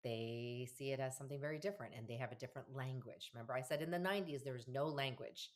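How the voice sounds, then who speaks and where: A woman in her fifties, a family therapist talking in an interview, animated and acting out quoted dialogue with laughs. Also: a bass voice, quick pace. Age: 50s. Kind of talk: conversational podcast interview.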